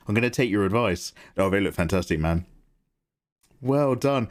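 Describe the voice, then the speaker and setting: A man hosting a live drawing stream, chatting casually and reacting to viewer messages, laughing often. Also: measured pace. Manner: chatty, animated, laughs often, jumps to high pitch when excited. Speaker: art livestream host. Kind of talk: casual chat while drawing, reading chat.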